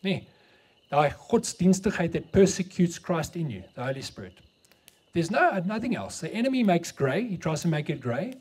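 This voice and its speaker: A man's voice: on the high side, very animated, moderate pace, a little mellow, slightly rough. A middle-aged South African man with an Afrikaans accent, preaching a sermon and telling a story, mixing English and Afrikaans.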